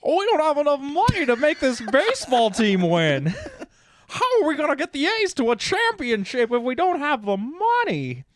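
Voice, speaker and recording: Guy doing a whiny high-pitched movie star, loud and fretting, laughing through it, in a podcast bit. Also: huge pitch swings, normal speed, no room sound, full character voice.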